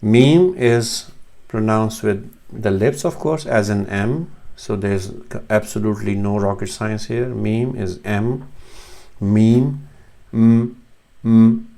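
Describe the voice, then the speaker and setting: A man with a lowish, mellow voice and a steady tone takes it slowly as he teaches Arabic letter sounds. He patiently demonstrates each one, correcting himself along the way.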